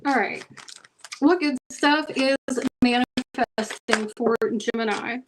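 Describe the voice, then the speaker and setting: A woman's voice: fairly high pitch, slow, noisy background. A woman doing a tarot reading for her viewers, chatty and emphatic, often checking in with "okay" and "y'all". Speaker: tarot reader.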